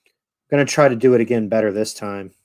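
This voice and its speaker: A man's voice: fairly low pitch, quick pace, darkish tone. A man hosting his own channel, casually retelling a show in a rambling, profane way with lots of fillers. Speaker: channel host.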